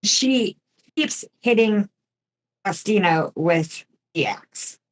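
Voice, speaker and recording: A woman's voice: medium pitch, animated, slow pace. A woman co-hosting a podcast, telling a true-crime story casually with chatty asides and mild swearing. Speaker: podcast co-host.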